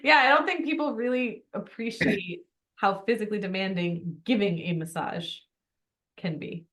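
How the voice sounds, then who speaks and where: A woman hosts a podcast interview in a casual, conversational way. She is encouraging and enthusiastic, quick to affirm what her guest says. Her voice sits at a middle pitch. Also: a bit bright. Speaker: podcast host.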